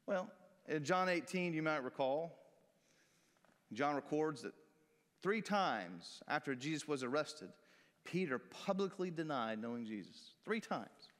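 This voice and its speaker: A man's voice: fairly high pitch, expressive, measured pace, a bit bright. A man preaching a sermon as a pastor, in a folksy, conversational way, breaking into acted-out quotes. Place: church sanctuary. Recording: long reverb of a church hall.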